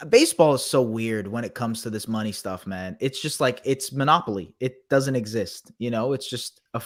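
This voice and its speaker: A man co-hosting a casual sports podcast, talking loosely with lots of fillers and quick reactions. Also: medium pitch. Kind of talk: casual chat.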